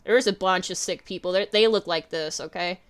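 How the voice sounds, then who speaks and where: A woman's voice: lowish voice, fairly quick, clear, resonant tone. A woman streamer giving a rambling, giggly, casual commentary as she draws, swearing freely. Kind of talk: casual livestream commentary while drawing.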